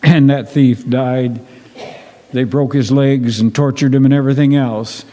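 A man preaching a sermon to his congregation, earnest and repetitive, often clearing his throat. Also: mid-range voice, steady tone, measured pace, warm tone. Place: church sanctuary. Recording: long reverb of a church hall.

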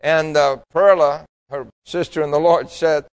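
A pastor from New York City preaching a sermon, emphatic and full of rhetorical questions to the congregation. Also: male voice, a little high, steady tone, measured pace, clear, resonant tone, poor audio.

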